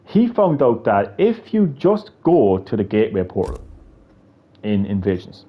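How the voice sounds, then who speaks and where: A man's voice: fairly low pitch, big pitch swings, a little slow, lo-fi sound. A man with a heavy Irish accent chatting on a gaming livestream, rambling with restarts and casual swearing.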